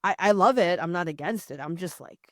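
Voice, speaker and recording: A woman's voice: fairly quick, no room sound. Giggly young woman chatting on a dry mic. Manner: animated, jumps into high-pitched mock voices. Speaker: podcast co-host. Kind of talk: casual chat.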